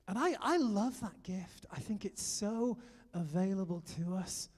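British preacher, high voice, reverberant hall. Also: male voice, slow pace, slightly rough. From Britain. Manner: animated storytelling, exhorting the audience. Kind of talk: sermon.

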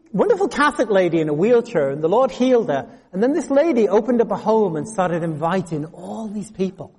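Animated preacher in a reverberant hall. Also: male voice, high voice. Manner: animated storytelling, acting out voices. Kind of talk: sermon.

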